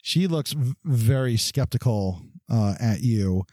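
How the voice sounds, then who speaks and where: A man's voice: medium pitch, animated, slow, warm tone, no echo, studio quality. A man narrating as game master of a tabletop game, telling the scene loosely with many fillers.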